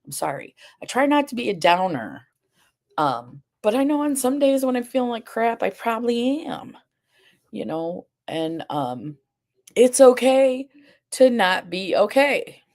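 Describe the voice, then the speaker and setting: A woman's voice: fairly high pitch, big pitch swings, a little slow, darkish tone. A woman hosting a live stream, chatting casually with viewers, rambling a little with fillers and restarts, a bit groggy. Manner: addresses viewers and the chat directly. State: groggy, sleepy. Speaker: livestream host.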